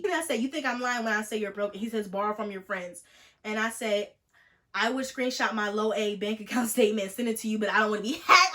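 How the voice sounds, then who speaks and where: A young woman in her twenties rattles through a storytime vlog at a quick clip. Her delivery is jokey and animated as she acts out both sides of a text exchange. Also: fairly high pitch. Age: 20s. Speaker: vlogger.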